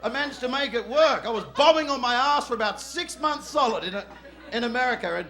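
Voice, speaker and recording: A man with an Australian accent doing a stand-up comedy set on a club stage, loud, brash and profane, often shouting and laughing into a handheld mic. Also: very high voice, lively intonation, fast.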